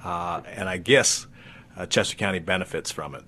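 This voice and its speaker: A man appearing as a political candidate on a radio talk show, explaining his views in a measured, earnest way. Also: deep voice, pushed and bright. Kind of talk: casual radio interview.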